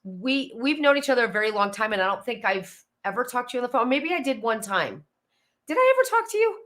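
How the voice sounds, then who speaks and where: A woman's voice: fairly high pitch, expressive, fast, fairly bright tone. Chatty woman in her fifties. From Pennsylvania, USA. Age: 50s. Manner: chatty, friendly, greets viewers by name, goes off on tangents. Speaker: host of a live decluttering stream. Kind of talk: casual live-stream chat. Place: home, indoors.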